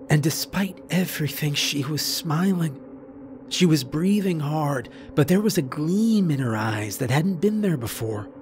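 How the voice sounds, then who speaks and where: A man narrating a scary story in the first person, slow and measured. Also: medium pitch, a little mellow, a little hiss or hum. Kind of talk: scripted narration. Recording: faint background music.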